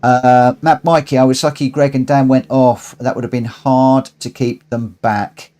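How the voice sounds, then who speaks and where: A man's voice: mid-range voice, steady tone, measured pace, dark tone. A man hosting a live racing stream from his room at home, chatting casually and reading out race results. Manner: chatty, friendly, reads results aloud. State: out of breath. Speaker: streamer hosting online races.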